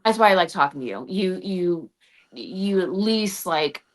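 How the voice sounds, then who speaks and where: A woman interviewer thinks aloud in a casual, hesitant way as she reflects on what her guest has said. Her voice is somewhat low for a woman. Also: expressive, unhurried. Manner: reflective, hesitant, with many fillers and restarts.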